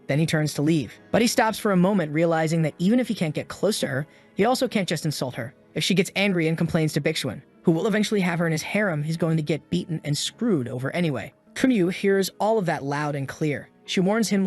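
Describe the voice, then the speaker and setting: A man narrating a scripted story recap in a brisk, wry storytelling manner. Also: on the high side, animated, faint music behind.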